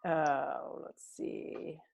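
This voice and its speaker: A woman's voice: low-pitched, flat delivery, very slow, creaky, a little mellow, muffled recording. A woman teaching a voice and diction class, giving students feedback on their monologues over a video call, praising them with many fillers and small laughs.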